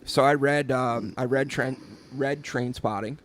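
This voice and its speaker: A man's voice: medium pitch, fairly even intonation, unhurried, a bit bright. A man co-hosting a casual podcast about tattoos, rambling with lots of repeated words and fillers. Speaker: podcast co-host, tattoo artist. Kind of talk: casual chat.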